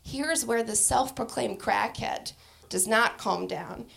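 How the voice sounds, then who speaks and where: A woman's voice: a little high, takes it slowly, creaky, fairly bright tone. A young adult woman performing a stand-up comedy set, brash and profane, often laughing through her lines.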